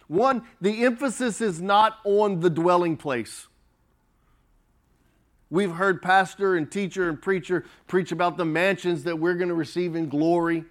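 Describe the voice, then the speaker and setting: A man preaching a sermon as pastor, slow and emphatic, swelling and dropping his volume. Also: fairly high pitch.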